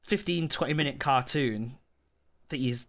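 Male co-host, bright tone, casual, blunt and sweary. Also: medium pitch, moderate pace. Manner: blunt, swearing, laughing asides. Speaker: podcast co-host. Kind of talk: casual movie review chat.

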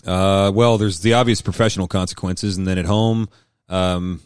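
A man playing a gruff, aggrieved husband in counseling. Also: sits low, steady tone, moderate pace, dry recording, clean studio sound, close to an everyday voice. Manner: complaining, defensive, half-joking. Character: angry stressed husband seeking counseling, adult man.

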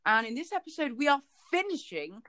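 A woman's voice: high voice, very animated, fairly quick, a bit bright, dry recording. A woman co-hosting a book podcast, chatting casually and rambling with lots of fillers. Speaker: podcast co-host.

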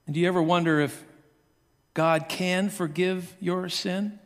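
A man preaching a sermon, telling the story in an animated way and acting out the voices of the characters. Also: high voice, unhurried, in a large hall. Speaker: pastor.

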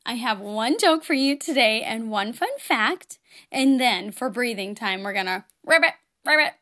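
A woman hosts a children's program, speaking to young kids in a playful, gently encouraging way. Her voice sits high and bright, and she takes her time with every phrase. She giggles easily between her words. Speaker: children's show host.

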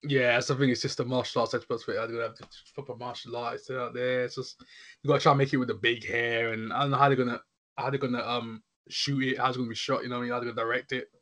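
A man's voice: mid-range voice, quick pace. A man chatting casually and rambling animatedly, often checking in with his listener. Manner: rambling, animated, frequent "you know what I'm saying". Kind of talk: casual chat.

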